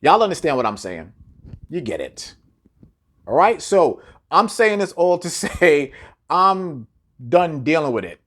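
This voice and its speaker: A man's voice: fairly high pitch, sing-song, unhurried, fairly bright tone. A man delivering a blunt, profane monologue full of rhetorical questions and repetition, lecturing his audience. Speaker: commentator. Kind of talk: preachy monologue to camera.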